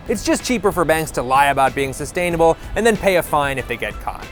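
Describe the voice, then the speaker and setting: A man's voice: on the high side, animated, fast talker, fairly bright tone, faint music behind. A man hosting a comedic explainer video, delivering narration with sarcastic, jokey, mock-indignant asides. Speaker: host.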